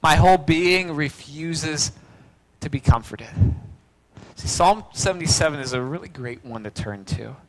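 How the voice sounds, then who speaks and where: A man preaching a sermon as pastor, swinging from loud cries to hushed near-whispers. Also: fairly high pitch, lively intonation, unhurried, poor audio.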